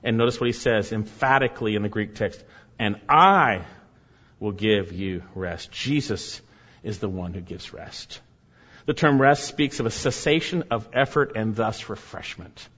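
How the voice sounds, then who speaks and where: A man preaching a sermon, emphatic, repeating key phrases and swinging between loud and soft delivery. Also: lowish voice, normal speed, husky. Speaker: pastor. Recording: dull sound with long hall reverb.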